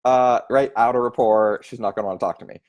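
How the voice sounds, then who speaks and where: A man giving a sales training talk, animated and acting out phone voices as he explains. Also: mid-range voice, quick pace. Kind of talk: spoken training tip.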